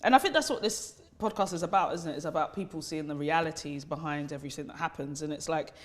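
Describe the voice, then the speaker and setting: A woman's voice: deep voice, fast. A woman, hosting a podcast and founder of the charity, talking candidly and from the heart, with casual swearing. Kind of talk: podcast conversation.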